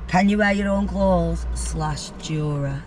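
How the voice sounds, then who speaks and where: A man with a somewhat higher voice than most men fires off questions and teasing quips in a relaxed chat. His voice is set against a faint background of noise. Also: moderate pace. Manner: asks questions, teasing interjections. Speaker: co-host. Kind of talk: casual chat.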